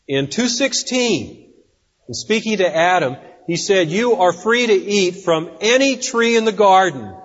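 A man preaching a sermon in a deliberate, emphatic way, acting out the quotes he reads. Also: sits high, husky. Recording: dull audio with long reverb in a hall.

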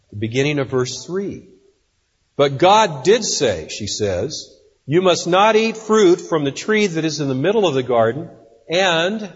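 A man delivers a sermon slowly and deliberately, leaning on key words and acting out the voices of the people he quotes. His voice sits a little high and has a husky edge. The sound is dull and muffled, and it carries the long reverb of a large church hall. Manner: deliberate, emphatic preaching with acted-out quotes. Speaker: preacher.

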